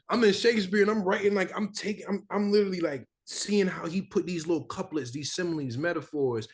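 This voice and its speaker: A young man from the American South, an actor chatting casually in an interview, animated and full of repeated fillers. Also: sits high, a little fast, few pauses, slightly rough. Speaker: actor guest.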